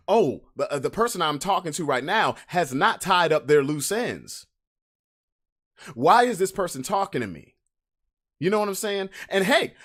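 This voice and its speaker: A man's voice: high-pitched, fairly bright tone. A man hosting a podcast, delivering a brash, swaggering comic rant full of trash talk. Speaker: podcast host.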